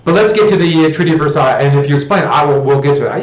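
A man's voice: on the high side, lively intonation, racing. A man with an American accent, a history teacher giving a classroom lecture in a conversational, digressive way with joking asides. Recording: roomy echo.

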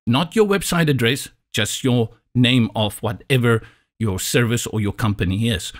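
South African man, native Afrikaans speaker, tutorial instructor, dry and a little sarcastic, patient step-by-step delivery, mid-pitched voice. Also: normal speed. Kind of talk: screen-recorded software tutorial.

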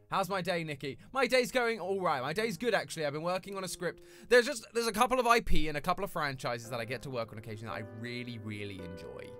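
A man's voice: medium pitch, pushed and bright. A young British man chatting casually with his live chat as a streamer, rambling and friendly in a small home room. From Britain.

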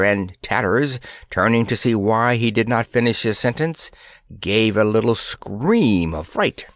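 Male storybook narrator; expressive, unhurried, animated delivery. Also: on the low side, no room sound. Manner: expressive, measured. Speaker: audiobook narrator. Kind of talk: scripted audiobook narration.

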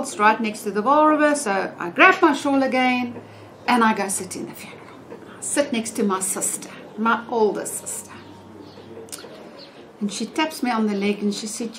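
An older woman hosting a podcast, telling a funny story in a casual, animated way and laughing often. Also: fairly high pitch, a little hiss or hum. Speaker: podcast host.

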